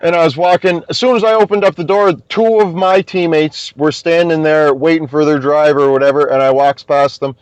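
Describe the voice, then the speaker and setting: A young man from Scotia, a podcast guest telling an animated story and swearing constantly. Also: fairly high pitch, fairly quick, few pauses, clean tone, dry recording, highs cut off. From Nova Scotia, Canada. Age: young adult. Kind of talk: casual storytelling.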